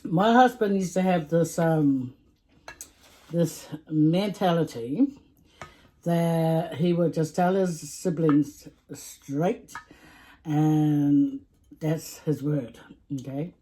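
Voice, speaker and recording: A low, dark voice with drawn-out words belongs to a Samoan English-accented vlogger eating during a casual storytime vlog. She's talkative, laughs often, and goes over the same points again.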